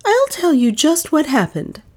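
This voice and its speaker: A woman voicing a frightened young woman being interrogated, her voice tense, high and breaking. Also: very animated, measured pace.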